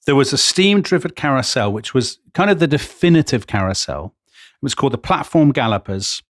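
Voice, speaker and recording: A man's voice: mid-range voice, expressive, a little fast, a bit bright. A man tells history stories to his co-host with real enthusiasm, reading out old quotes with relish. The sound is dry and close, with no room echo. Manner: enthusiastic storyteller, quoting old accounts with gusto. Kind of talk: storytelling history chat.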